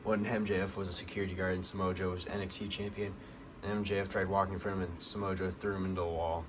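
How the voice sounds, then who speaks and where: A man hosting a wrestling vlog, recapping a show in a casual, rambling way with lots of fillers, getting excited at the big moments. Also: sits low, quick pace, noisy background. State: hiccups.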